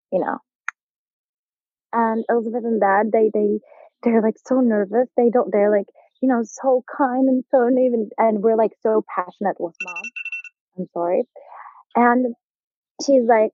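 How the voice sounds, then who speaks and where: A young adult woman from Turkey with a Turkish accent, a podcast guest telling an animated story and acting out the people in it. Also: on the high side, normal speed, pauses often, no echo. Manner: animated, acts out quoted voices, laughs often. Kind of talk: casual interview storytelling. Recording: tinny phone-like line, dry.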